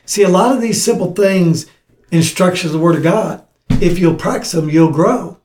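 A man's voice: sits high, normal speed, a little mellow, slight background noise. Earnest preacher man in an echoey room. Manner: earnest, repetitive exhortation. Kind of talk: teaching sermon with scripture reading.

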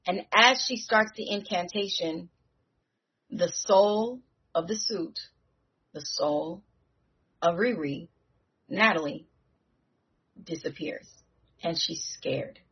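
A woman hosting a casual podcast recap, talking in an animated, slangy way with frequent restarts. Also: lowish voice, slow pace, long pauses, slightly rough, lo-fi sound. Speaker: podcast host recapping a TV episode.

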